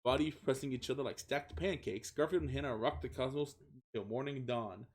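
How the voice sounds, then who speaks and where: A young man with a brisk, mid-range voice streams a comic reading of fan fiction. He giggles, stumbles over words, and swears in asides.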